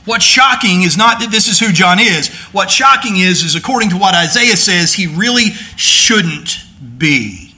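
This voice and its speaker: Bright-voiced male pastor preaching. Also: high voice, expressive, a little slow, few pauses. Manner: conversational teaching, rising to emphatic declaration. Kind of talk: sermon.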